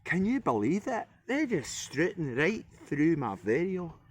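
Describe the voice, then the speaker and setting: A man's voice: a little high, big pitch swings, measured pace, breathy edge, voice pushed up, full character voice. A man voicing a grumpy male influencer in a put-on Scottish accent, complaining indignantly.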